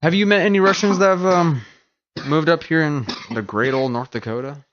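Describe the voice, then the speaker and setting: A man chatting as a podcast guest in a relaxed, joking way. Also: fairly high pitch, a little fast, highs cut off, background noise. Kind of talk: casual chat. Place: podcast studio.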